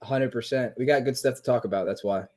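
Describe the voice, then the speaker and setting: Young man co-hosting a casual podcast, mid-pitched and laid-back, chatting along and breaking into laughter as he retells funny clips to his co-host. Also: fast, a little mellow. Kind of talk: casual chat.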